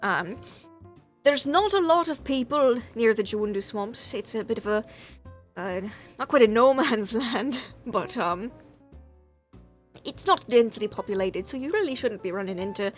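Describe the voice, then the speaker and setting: A woman's voice: a little high, lively intonation, measured pace, soft background music. A woman voicing a genial, wealthy husband who rambles politely through plans, full of fillers.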